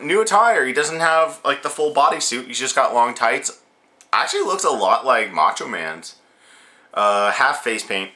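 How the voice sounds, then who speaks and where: Young guy rambling thru a wrestling recap, super animated, bright voice, swears a lot. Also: medium pitch. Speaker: wrestling show reviewer. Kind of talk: casual review chat.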